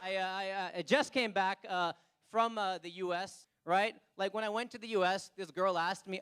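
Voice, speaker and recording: A man with an Indian accent performing a stand-up comedy set on stage, animated and quick to act out characters. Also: high voice, smooth. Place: comedy stage before a live audience.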